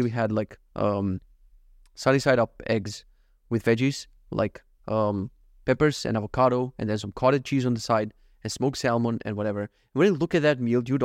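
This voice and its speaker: A young adult man on a casual solo podcast, rambling fast and swearing, mocking himself and quoting others in quick voices. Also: medium pitch, a little mellow, no room sound, studio quality. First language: not given. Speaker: podcast host. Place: at home.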